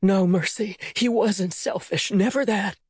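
A man's voice: high voice, unhurried, husky, dry recording, clean studio sound, pitched above the performer's own voice. A man doing a desperate, whispering mother. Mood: urgent. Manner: urgent, pleading, often whispered. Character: desperate, loving, frightened mother. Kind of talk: audiobook character voice.

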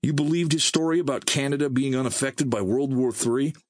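A man's voice: medium pitch, a little fast, no echo, clean studio sound, pitched above the performer's own voice, close to an everyday voice. A man voicing a sarcastic, hot-tempered young male wasteland scavenger, speaking in a snappy, bitter way. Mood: scornful.

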